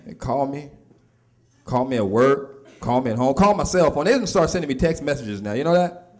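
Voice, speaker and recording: A middle-aged man doing a stand-up routine speaks at a medium pitch with lively intonation and a brisk pace. He's easygoing and conversational, with a loose delivery full of asides.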